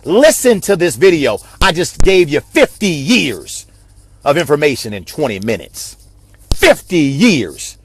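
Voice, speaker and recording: A man's voice: on the high side, very animated, unhurried, noisy background. A man giving a passionate, repetitive motivational talk on a live video stream, like a preacher. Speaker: network marketing speaker.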